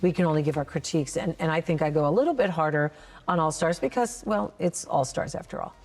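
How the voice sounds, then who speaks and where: A woman's voice: deep voice, quick pace, a little mellow, a little hiss or hum. A woman host and competition judge giving emphatic, encouraging feedback in a casual interview. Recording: roomy reverb with faint music.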